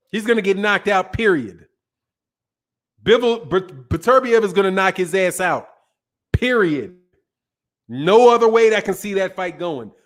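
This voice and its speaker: A man hosting a casual live stream, reading viewer comments and answering in a brash, profane, emphatic way, often repeating himself. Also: high-pitched. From Chicago. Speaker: boxing talk show host answering viewer chat.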